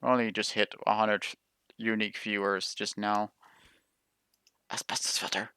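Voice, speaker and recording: A man streaming a tank game, talking in a low, gravelly voice with a bright, sharp edge. His live commentary is rambling and casual, and he often cuts himself off mid-thought. The sound is dry and close. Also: level tone, normal speed, dry recording. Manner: rambling, self-interrupting casual talk.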